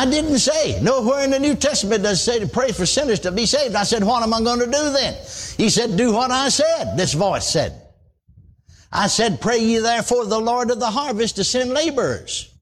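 An older man preaching a radio sermon in a folksy, animated way, calling for amens. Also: on the high side, a little hiss or hum.

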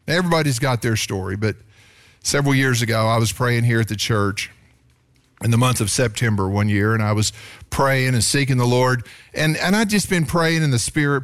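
A male pastor preaching a sermon, his voice jumping up on points of emphasis. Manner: animated preaching, pitch rising sharply on emphasis.

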